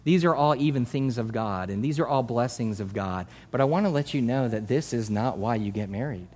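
A male pastor preaching a sermon in a conversational way, swinging from soft asides to loud emphasis. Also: medium pitch, lively intonation, a little fast, slight background noise.

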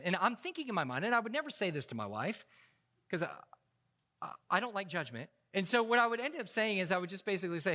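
A man's voice: sits high, big pitch swings, fast talker, bright, forceful tone. A man preaching a sermon as a pastor, telling funny stories in a casual, conversational way and often stopping to restart his sentences. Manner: humorous, conversational storytelling with frequent restarts.

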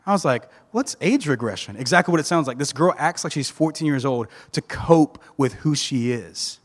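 A man preaching a sermon as a pastor, animated and joking, with many restarts. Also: a little high, normal speed, big-room sound. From Southern United States. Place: church sanctuary.

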